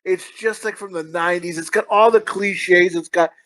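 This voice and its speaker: Profane rambling man with a high voice. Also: fairly even intonation, normal speed, fairly bright tone, poor audio. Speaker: podcast co-host. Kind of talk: casual movie review chat.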